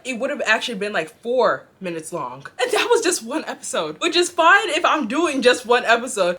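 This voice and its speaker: A woman's voice: high-pitched, bright, forceful tone, breathy edge. A young woman vlogging in a casual, rambling way, filling her talk with "like" and speaking straight to her viewers. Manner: rambling, heavy filler "like", addresses viewers as y'all and bestie. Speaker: drama review vlogger. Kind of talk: casual chatty rant to camera.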